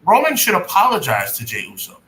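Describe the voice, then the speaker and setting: A man's voice: high voice, huge pitch swings, a little fast, pushed and bright. Emphatic man in an echoey room. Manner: emphatic, stretches words out for effect. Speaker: podcast co-host. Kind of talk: casual chat. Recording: echoey room with faint noise.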